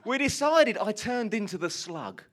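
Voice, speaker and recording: A man gives a sermon to a congregation in a fairly high voice. He tells a story with lively energy and acts out his quoted lines with loud outbursts. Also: a little slow. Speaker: pastor. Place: church hall before a congregation.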